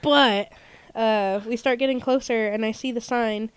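A young woman rambles through a story as a podcast co-host, tossing in fillers as she goes. Her voice is smooth and clear, recorded dry and close with no room sound. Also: fairly high pitch, fairly even intonation, a little slow, dry recording. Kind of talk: casual chat.

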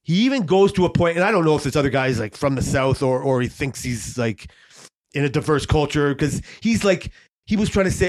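A man's voice: a little high, animated, brisk. Rambling, profane man recounting a story. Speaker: podcast co-host. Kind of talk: casual chat.

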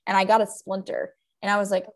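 A woman's voice: mid-range voice, fast. A woman in her thirties, a podcast co-host, telling a story in casual chat and acting out the voices of people in it. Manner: animated storyteller, acts out quoted voices. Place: home, under a blanket.

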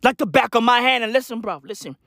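A vlogger ranting to camera in a slangy, profanity-filled comedic monologue, repeating "bruv" and "fam," with a voice going hoarse. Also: medium pitch, fast, a bit bright, no echo, clean studio sound. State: losing their voice, hoarse.

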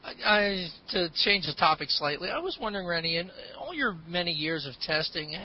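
A man co-hosting a podcast, asking a guest a long question in a halting, hesitant way. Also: high voice, animated. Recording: distant, dull lo-fi audio with faint noise.

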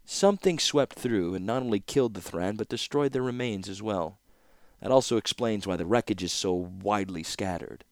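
A man reading an audiobook voices a calm, clever young scholar who speaks in a cool, measured, faintly scornful way. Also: fairly low pitch, dry recording, studio quality, lightly acted.

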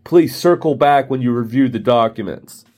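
A man's voice: mid-range voice, normal speed, a little mellow, close to an everyday voice. A man voicing an overeager male salesman who keeps pushing to close the deal. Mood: eager pitch. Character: pushy fast-pitching adult male salesman.

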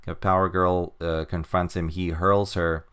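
Deep-voiced man rambling in casual chat. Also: level tone, unhurried, a bit bright, smooth. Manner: rambling, filler-heavy, chuckles often. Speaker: comic book podcast co-host.

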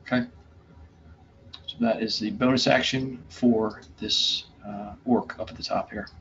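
Guy running a tabletop game, slow and halting, lots of ums, kinda muffled audio. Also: lowish voice, fairly even intonation, a bit bright. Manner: hesitant, many fillers and restarts. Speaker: game master. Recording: dull lo-fi sound with faint room noise.

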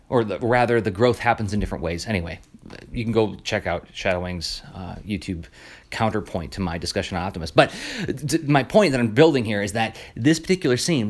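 A man hosting a podcast, telling an episode's story in a casual, animated way with many fillers and restarts. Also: lowish voice. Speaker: podcast host. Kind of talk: casual commentary on a cartoon episode.

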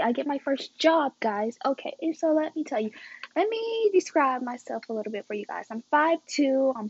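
A woman's voice: fairly high pitch, darkish tone, breathy edge, no echo, lo-fi sound. A teenage girl telling a casual storytime vlog, chatting straight to her viewers and calling them y'all and guys. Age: teens.

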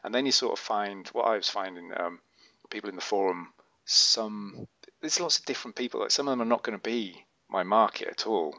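A man with a low voice hosts a casual podcast chat. He rambles, corrects himself and acts out what others say. The sound is dry, close and muffled. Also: brisk, sharp tone, no room sound. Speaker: podcast host.

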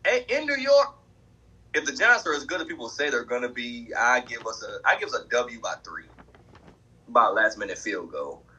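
A man co-hosting a sports podcast, talking in an animated, emphatic, trash-talking way. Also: mid-range voice, moderate pace, breathy edge, low-quality recording. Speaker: podcast co-host. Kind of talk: casual sports chat.

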